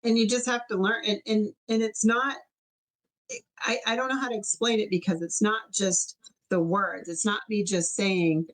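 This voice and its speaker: This woman co-hosts a casual podcast and reflects out loud in a relaxed way. She often circles back and restarts as she searches for words, in an even, middle-pitched voice. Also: normal speed, low-quality recording. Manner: thoughtful, searching for words, lots of fillers and restarts. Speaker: podcast co-host. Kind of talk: casual chat.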